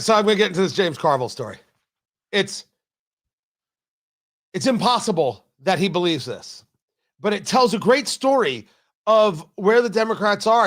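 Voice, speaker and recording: Radio host guy, high voice, swings all over, combative and sarcastic. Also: fairly bright tone. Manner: emphatic, combative, sarcastic asides. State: out of breath. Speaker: radio talk show host. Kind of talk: political talk radio monologue.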